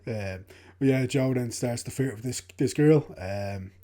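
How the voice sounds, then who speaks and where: A man with a mellow, mid-pitched voice discusses a film on a podcast. He talks in a relaxed, easygoing way, padding his points with hedges and fillers. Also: measured pace. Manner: relaxed, hedging with fillers, laughs along.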